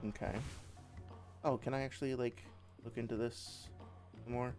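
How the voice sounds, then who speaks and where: A man's voice: mid-range voice, flat delivery, measured pace, long pauses, darkish tone. A man playing a game while chatting, rambling and swearing freely, with faint game music behind him. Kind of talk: casual let's-play commentary.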